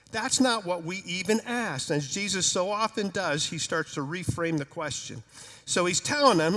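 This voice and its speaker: A pastor delivering a sermon with lively, joking storytelling, his voice sitting fairly high for a man. Long reverb from the church sanctuary trails behind each phrase. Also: normal speed. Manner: conversational, humorous, animated storytelling.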